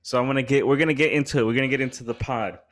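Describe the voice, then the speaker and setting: A man's voice: mid-range voice, fairly even intonation, rapid-fire, fairly bright tone. A man hosting a podcast, telling a story in a rambling casual chat full of slang and swearing, his voice rising when he gets worked up. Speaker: podcast host.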